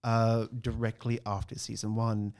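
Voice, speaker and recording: A man's voice: on the low side, completely flat delivery, a little slow, a little mellow. A man in a casual podcast chat, explaining background facts with frequent ums and uhs. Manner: informative, explains facts with many fillers. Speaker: podcast co-host.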